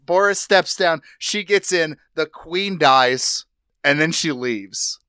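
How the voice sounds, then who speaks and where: A man from the UK co-hosting a podcast, making quick, dry jokes in casual chat. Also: on the high side, animated, bright, forceful tone, smooth, no echo. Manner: dry, jokey, quick asides. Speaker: podcast co-host.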